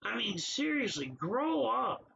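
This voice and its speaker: A man's voice: very high voice, sing-song, slow, creaky, bright, forceful tone, dull audio, slight background noise. A man hosting a casual livestream, talking back to viewers in the chat by name in an exasperated way. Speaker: livestream host.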